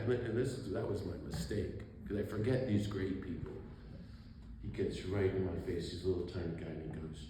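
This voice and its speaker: A Catholic priest and author in his sixties tells a story to an audience, acting out its characters and laughing often. His voice is lowish, sing-song, and darkish, at a normal speed. The hall is very echoey, with faint room noise.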